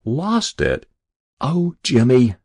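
A man's voice: medium pitch, huge pitch swings, very slow, slightly rough, no echo, studio quality, pitched above the performer's own voice, heavily acted. A man doing a bewildered, fretful mother. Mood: dismayed. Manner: fretful, then gently serious. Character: tired, bewildered mother of five.

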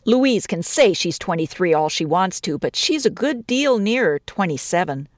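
A woman reads a literary story aloud in an understated way. Her pitch moves a lot. The recording is close and dry, with no room sound. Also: sing-song, moderate pace, dry recording. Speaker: story reader.

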